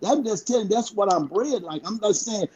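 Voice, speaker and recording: A man's voice: sits high, animated, moderate pace, over a noisy crowd, rough recording. A man on a podcast panel, arguing his point in a blunt, emphatic and profane way. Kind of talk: heated casual debate.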